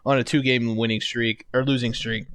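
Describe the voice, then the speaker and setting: A man's voice: mid-range voice, flat delivery, normal speed, fairly bright tone, clear, resonant tone, dry recording. A man hosting a casual sports podcast over a video call, reading team standings with slips and restarts. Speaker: podcast host.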